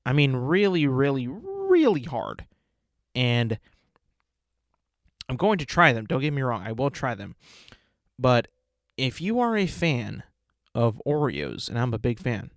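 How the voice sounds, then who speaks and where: Male podcast host, mid-pitched, rambling, playful, dry close sound. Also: huge pitch swings, unhurried, long pauses, no echo. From United States. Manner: rambling, playful, savoring food talk. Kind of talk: casual solo podcast monologue.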